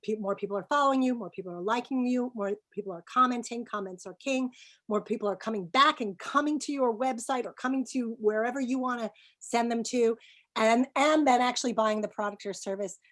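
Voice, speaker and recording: A middle-aged woman with a fairly high voice speaks emphatically as a business guest in a webinar interview. She is animated and laughs readily.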